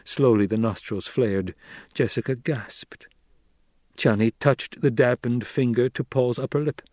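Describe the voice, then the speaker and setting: A man narrating an audiobook in a measured storytelling voice on a close mic. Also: mid-range voice, darkish tone, no room sound. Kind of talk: scripted narration.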